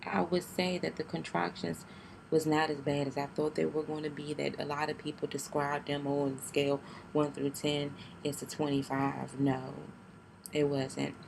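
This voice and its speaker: Speaking to her camera, a young woman vlogger recounts a painful personal story in a low, gravelly, nearly monotone voice. Haltingly and tearfully she restarts often, keeping her voice down, with clear noise behind the recording.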